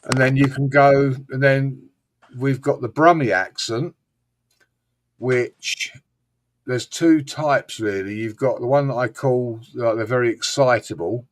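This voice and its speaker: A man's voice: mid-range voice, steady tone, unhurried. A man hosting a casual live-stream chat, rambling, swearing freely and mimicking regional accents. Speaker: host.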